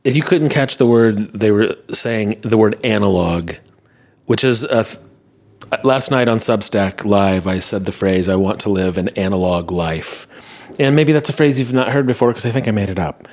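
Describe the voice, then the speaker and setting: Male podcast host, casual rambling monologue, wry self-mocking humor, low-ish voice. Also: moderate pace, darkish tone. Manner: rambling, wry, laughs at himself. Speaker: podcast host answering listener messages.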